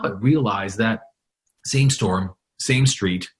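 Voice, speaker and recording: A man with a somewhat low voice hosts a conversational interview. He talks in an encouraging, motivational way, repeating words as he builds toward his point. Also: moderate pace, a bit bright. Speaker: podcast host.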